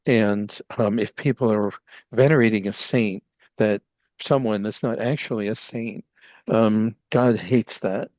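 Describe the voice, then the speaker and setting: A man's voice: lowish voice, steady tone, unhurried, a little mellow, no echo, lightly acted. A man voicing an odd, naive and devout woman in a tabletop game, talking earnestly and rambling with many ums. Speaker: player.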